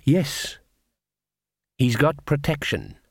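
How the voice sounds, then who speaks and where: A man voicing a slow, calm swamp witch. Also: on the high side, vocal fry, slightly rough, no echo, clean studio sound, heavily acted. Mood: guarded. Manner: slow, deliberate, unhurried. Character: older woman, a calm, secretive swamp witch. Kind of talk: audiobook character voice.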